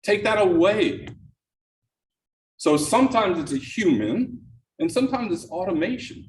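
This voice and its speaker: Speaking in a high, sing-song voice, a little slowly and with frequent pauses, a middle-aged workshop presenter leads a productivity session before a live meeting-room audience and asks them many questions. The recording is echoey and distant, with faint noise.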